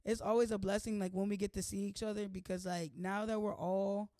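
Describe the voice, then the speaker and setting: A young woman hosting her own vlog, playful and chatty, with a slightly hoarse voice and constant "like"s. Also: mid-range voice, little pitch movement, brisk, mellow, dry recording, studio quality. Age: young adult. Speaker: host. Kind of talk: casual vlog chat.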